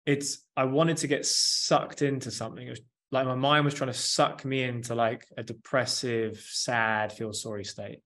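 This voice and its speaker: A man in his thirties with a mid-range voice talks openly and thoughtfully as an interview guest. He drifts through his thoughts in an earnest, unpolished way, often filling with "like" and "you know". His calm, practitioner's tone suggests a therapist or coach. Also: mid-range voice, moderate pace, few pauses. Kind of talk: candid conversational interview.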